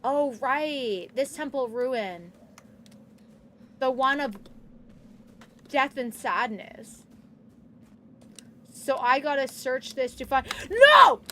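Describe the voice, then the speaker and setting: Woman streamer, bright high voice, casual excitable chatter, doting pet talk. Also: slow pace, pauses often, slight background noise. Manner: chatty and excitable, reacting out loud; soft doting baby talk to her pet. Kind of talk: casual live-stream chat while gaming.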